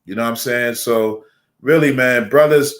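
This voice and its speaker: A man's voice: medium pitch, moderate pace. A middle-aged man, an imam on a panel, giving casual, joking marriage advice with lots of fillers. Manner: joking, folksy, many fillers.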